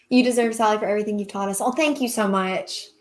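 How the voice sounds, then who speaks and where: Chatty woman hosting a livestream. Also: medium pitch. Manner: chatty, laughs often, thanks viewers. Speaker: livestream host, craft seller. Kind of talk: casual live Q&A chat.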